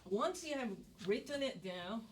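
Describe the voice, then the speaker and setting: A woman instructor giving an economics lecture in a classroom, animated and repeating key words as she coaxes her students. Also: a little high, unhurried. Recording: distant classroom recording with background noise.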